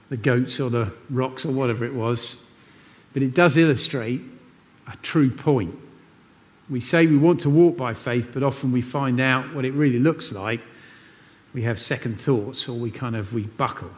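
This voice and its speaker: Brief: male preacher, mid-pitched, earnest and conversational, long church reverb. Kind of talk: sermon.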